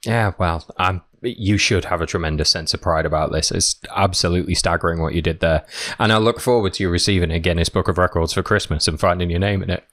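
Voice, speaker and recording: A man's voice: low-pitched, quick pace. A man hosting an endurance sports interview podcast, asking encouraging questions. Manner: warm, encouraging questions with restarts. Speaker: podcast host.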